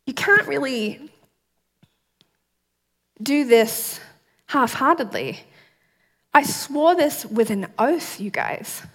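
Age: adult. Sex: woman. Role: church speaker. Pitch: fairly high. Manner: lively, quizzing the congregation. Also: slow, long pauses, slightly rough. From outside the United States. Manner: lively, quizzes the audience with questions. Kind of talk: sermon.

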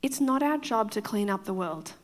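A woman's voice: medium pitch, expressive, moderate pace, big-room sound. A woman pastor with a foreign accent, preaching a conversational sermon and often checking in with her listeners. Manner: chatty, often checks in with the crowd, laughs easily.

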